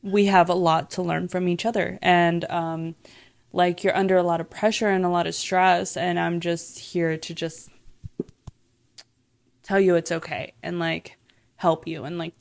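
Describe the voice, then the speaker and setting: A young woman hosts a casual podcast chat in a lowish, creaky voice, with flat delivery, a slightly slow pace and no room sound. She rambles and swears freely, leaning constantly on filler words, especially "like".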